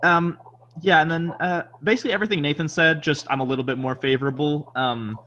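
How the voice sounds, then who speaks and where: A man's voice: fairly high pitch, fast, muffled recording. A man co-hosting a podcast in casual chat, rambling and correcting himself as he goes. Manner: rambling, self-correcting, animated. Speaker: podcast co-host.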